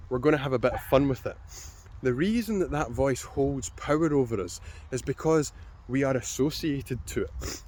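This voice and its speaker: A man speaks as a fitness coach, guiding the listener through a lesson in a calm, encouraging voice. He talks directly to you, in a voice of ordinary middle pitch for a man, with steady, friendly instruction. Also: slight background noise. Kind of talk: instructional talk to camera.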